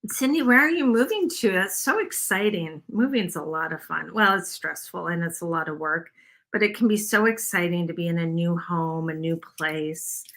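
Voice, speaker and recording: Bright chatty woman crafting live. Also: on the low side, normal speed. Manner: rambling, self-deprecating, addresses viewers as y'all. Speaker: craft video host. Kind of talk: casual chatty craft livestream.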